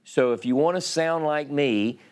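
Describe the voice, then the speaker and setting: A man's voice: on the high side, a little slow, darkish tone. A man with a Louisiana Southern accent teaching a Sabbath Bible lesson, reading scripture aloud and explaining Hebrew words.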